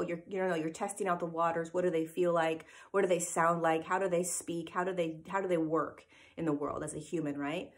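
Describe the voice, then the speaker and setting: This woman's mid-range, slightly bright voice carries an informal spiritual teaching talk from a live event replay. Earnest and emphatic, she follows her points with "right?" to check in with listeners.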